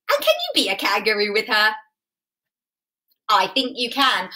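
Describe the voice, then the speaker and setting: A woman's voice: medium pitch, huge pitch swings, moderate pace, pauses often, bright, forceful tone. Sing-song woman teaching toddlers. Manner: sing-song, exaggerated storytelling with gasps and coaxing questions. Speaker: children's music and drama teacher. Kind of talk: live-streamed class for toddlers. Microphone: webcam or phone on a stand.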